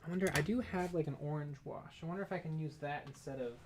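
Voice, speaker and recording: A man's voice: a little high, fast, noisy background. A man co-hosting a painting livestream, chatting casually and thinking aloud as he paints. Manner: chatty, musing aloud while painting, joking. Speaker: co-host of a painting stream. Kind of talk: casual chat while painting miniatures.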